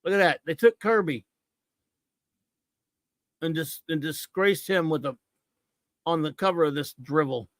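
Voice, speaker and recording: A man's voice: a little high, a little slow, long pauses, no echo, clean studio sound. A middle-aged American man hosting a comics talk show, ranting about a comic with mocking scorn. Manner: scornful, mocking, repetitive rants.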